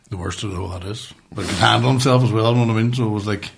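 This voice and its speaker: A man's voice: fairly low pitch, fast, vocal fry, slight background noise. A man co-hosting a podcast, telling rambling, sweary stories in casual chat. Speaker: podcast co-host.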